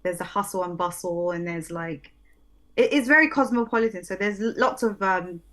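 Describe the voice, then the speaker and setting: A woman speaks as an interview guest, chatting casually at a middle pitch. She pauses often, restarts her sentences and laughs softly as she gathers her thoughts. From lives in London. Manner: hesitant, many ums and restarts, laughing softly. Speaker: guest, English teacher.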